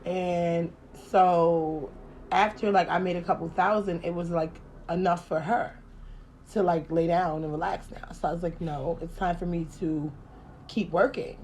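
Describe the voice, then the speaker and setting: A woman's voice: lowish voice, fairly even intonation, unhurried, a little mellow, a little hiss or hum. A woman, telling a podcast story. She talks casually and profanely, full of slang. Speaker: podcast host.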